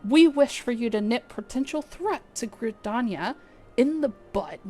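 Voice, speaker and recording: A woman reading the lines of a stern male leader of a forest archer guard from a game, in a formal, measured way. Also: fairly high pitch, expressive, dark tone. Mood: grave. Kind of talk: reading game dialogue aloud.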